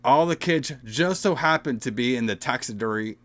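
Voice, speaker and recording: A man's voice: mid-range voice, animated, normal speed, a bit bright. A man co-hosting a casual horror movie podcast, talking loosely and profanely, full of "bro" and "all right?". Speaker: podcast co-host.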